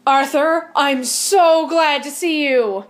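An actress plays a flustered young wardrobe assistant with a high voice. She stumbles, rushes and apologizes.

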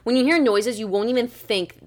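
A woman's voice: on the high side, brisk. A young woman co-hosting a podcast, telling family stories in a casual, filler-heavy way. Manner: chatty, filler-heavy storytelling. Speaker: podcast co-host. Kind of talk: casual chat.

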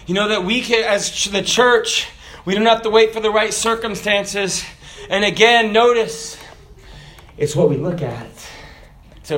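A man preaching a sermon, animated, swinging from loud shouted peaks to soft low asides. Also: a little slow.

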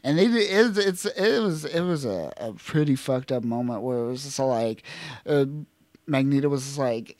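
A man's voice: medium pitch, lively intonation, moderate pace, darkish tone, dry recording. Male co-host, loose and profane chat, dry close sound. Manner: loose, profane recapping with quoted voices. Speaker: podcast co-host. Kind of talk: casual comic book discussion.

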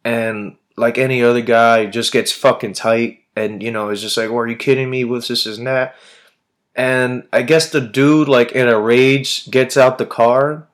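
A man hosting a podcast, chatting casually in a rambling way, swearing constantly and using lots of slang. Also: mid-range voice. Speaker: podcast host. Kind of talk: casual chat.

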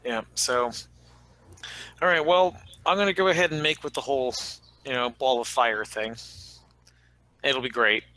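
A man's voice: medium pitch, normal speed, long pauses, pushed and bright. A man playing a tabletop game, joking playfully and laughing. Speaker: player. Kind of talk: casual tabletop play.

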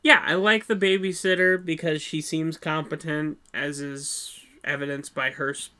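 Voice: medium pitch, steady tone, normal speed, sharp tone. A podcast co-host who talks bluntly, swears casually and often repeats words when starting a thought, in a casual movie review chat.

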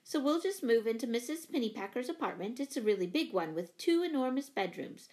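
A woman's voice: fairly high pitch, sing-song, a little fast, a little mellow. A woman voicing a practical, chatty mother who works as a librarian, read for a children's storybook. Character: middle-aged mother and librarian, brisk, practical.

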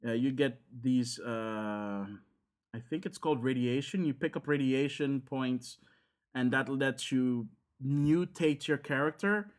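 A man's voice: medium pitch, a little slow. A man, chatting casually on a podcast and rambling with lots of fillers and restarts. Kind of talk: casual chat about games.

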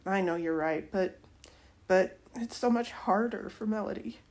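A woman's voice: medium pitch, unhurried, darkish tone, close to an everyday voice. A woman reading aloud, voicing a caring mother who talks about her daughters in a slightly lifted voice. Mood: tender. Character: caring, emotional mother of two girls.

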